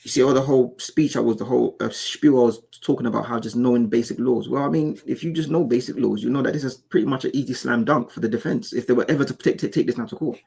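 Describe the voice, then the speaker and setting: A man's voice: mid-range voice, quick pace, vocal fry, few pauses, darkish tone, breathy edge. A man giving casual, insistent reaction commentary, often repeating and restarting his words as he argues his point. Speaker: commentary YouTuber.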